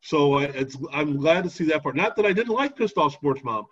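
Brief: male host, husky, fairly high voice, dull lo-fi recording. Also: lively intonation, fairly bright tone. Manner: conversational, halting restarts. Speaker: interview host. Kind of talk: casual interview talk.

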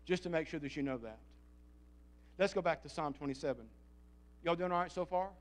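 A man's voice: a little high, brisk. Fervent preacher, a man. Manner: fervent, calls for audience response. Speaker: pastor. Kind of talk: sermon.

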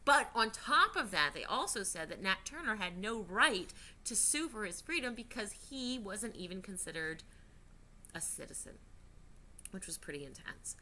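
A woman's voice: mid-range voice, very animated, normal speed, bright, forceful tone. A woman, a teacher giving a chatty history lesson to children from home, with many fillers and restarts.

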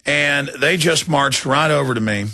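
Worn out after a long broadcast, a male talk radio host rambles through an indignant personal story during an interview, restarting often. His voice is a little high and sharp, at a normal speed.

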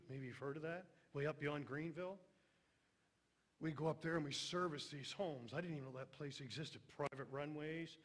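A middle-aged preacher, his voice sitting a little high for a man. He delivers an emphatic sermon and sinks to a hush on tender lines.

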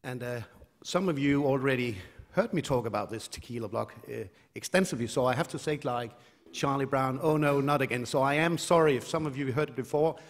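A Danish man with a Danish accent gives a conference lecture in a brisk, mid-range voice, hesitating with many fillers and restarts and adding light self-mocking humor. The sound is reverberant, as in a lecture hall.

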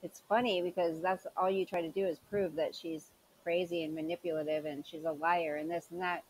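A woman's voice: fairly low pitch, flat delivery, a little fast, slight background noise, low-quality recording. A woman hosting a commentary show, sarcastic and scolding as she mocks the clips she reacts to. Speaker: commentary channel host.

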